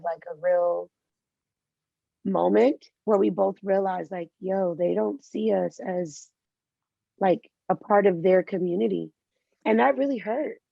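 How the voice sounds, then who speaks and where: A woman with a gravelly, creaky edge speaks candidly in an interview and slips into lively impressions of the people she quotes. The sound is dry and close, with a slightly muffled, dull tone like remote call audio. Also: mid-range voice, no echo. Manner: candid storytelling, animated quoting of others. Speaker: guest. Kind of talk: interview conversation.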